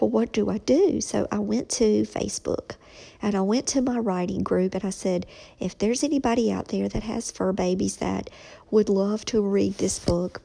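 Brief: middle-aged woman vlogger, husky and mellow, slow halting delivery. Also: medium pitch, low-quality recording. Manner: slow, reflective, halting with many ums. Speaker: author talking about her children's book. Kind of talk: casual personal vlog.

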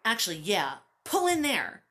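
A woman reading a blunt, sulky date of a man, accusatory and childish, lively in pitch. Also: a little slow. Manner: accusatory, pouting. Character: rude, childish young man on a bad date.

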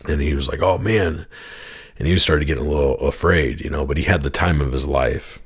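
A man's voice: extremely low pitch, fairly even intonation, quick pace, slightly rough. A man hosting a podcast, talking in an earnest, heartfelt way, repeating his points and encouraging the listener directly. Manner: encouraging, speaks straight to the listener. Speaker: podcast host. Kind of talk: reflective spoken monologue.

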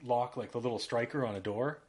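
A graphic designer co-hosting a podcast chats casually as a laid-back storyteller, sprinkling "like" throughout his talk. His voice is mid-range and brisk.

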